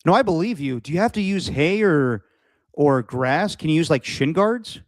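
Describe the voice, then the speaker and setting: A man's voice: fairly high pitch, expressive, moderate pace, dry recording. A man co-hosting a sports podcast in casual chat, rambling with many "like"s and restarts. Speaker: podcast co-host.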